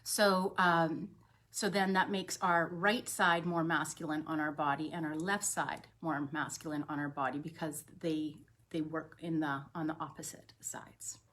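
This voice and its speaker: A woman who is a holistic health coach, giving a gentle, chatty live talk on breathing, with frequent ums and restarts. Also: low voice, little pitch movement, measured pace. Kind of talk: daily live wellness talk. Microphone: webcam on a live stream.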